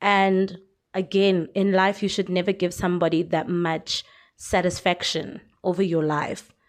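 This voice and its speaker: A woman's voice: on the low side, little pitch movement, a little slow. Chatty South African woman vlogger. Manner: chatty, frank, lots of fillers and laughs. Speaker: YouTuber commentator. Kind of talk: casual commentary vlog.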